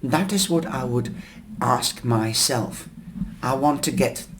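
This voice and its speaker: A man with a mid-pitched, hoarse voice giving a tea leaf and tarot reading. He talks very slowly, with frequent pauses and fillers as he explains each symbol. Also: animated, slight background noise. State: losing his voice, coughing. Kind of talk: slow reading of tea leaves.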